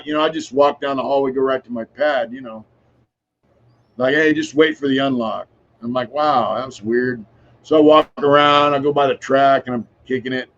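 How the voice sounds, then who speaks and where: A podcast guest around sixty, whose voice is on the high side and a bit bright, rambles frankly through long casual stories, using plenty of fillers and the odd curse. The highs in the recording are cut off.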